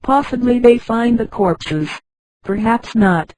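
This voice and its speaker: A text-to-speech woman's voice reading a young male hero's lines in a measured, matter-of-fact way. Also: very high-pitched, lively intonation, darkish tone, exaggerated voice, rough recording. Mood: reasoning.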